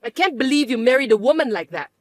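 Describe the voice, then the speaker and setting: Woman voicing a shrill bossy mother-in-law. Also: expressive, quick pace, no room sound. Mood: complaining. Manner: shrill, accusing, indignant. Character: scheming bossy middle-aged mother-in-law. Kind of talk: dramatized story voice acting.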